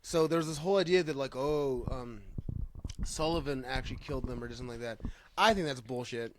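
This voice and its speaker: A man's voice: medium pitch, brisk, slight background noise. A man hosting a podcast in casual chat who rambles, restarts his sentences and laughs easily. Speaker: podcast host.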